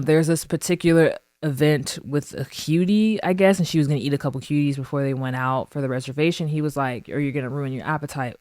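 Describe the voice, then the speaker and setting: A woman's voice: rumbling low, a little mellow, dry recording. Opinionated woman, dry close recording. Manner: emphatic, opinionated, slangy. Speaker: recap commentator. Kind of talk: casual reality TV recap commentary.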